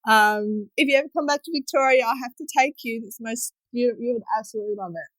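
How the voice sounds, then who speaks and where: A woman's voice: fairly high pitch, fast talker, dry recording, poor audio. A woman, a guest telling stories in a casual podcast chat and laughing often. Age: 30s. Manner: chatty storyteller, laughs often.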